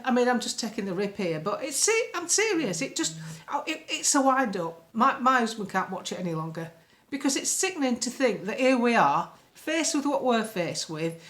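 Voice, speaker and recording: A woman's voice: medium pitch, fairly bright tone. Blunt, sarcastic woman. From United Kingdom. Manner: blunt, sarcastic, frequently annoyed. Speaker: political commentator vlogger. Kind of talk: casual talk to camera.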